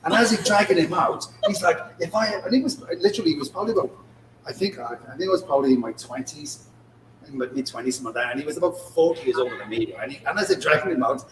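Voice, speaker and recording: A man's voice: on the high side, racing. Man telling casino stories in an echoey room. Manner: animated anecdote-telling, acts out dialogue. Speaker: casino dealer, podcast co-host. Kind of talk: casual storytelling. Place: showroom, live on location. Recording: echoey room, distant mic, background noise.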